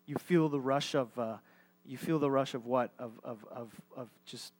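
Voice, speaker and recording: A pastor with a medium-pitched voice preaches a live sermon to his church congregation. His style is conversational, with halting, repeated words.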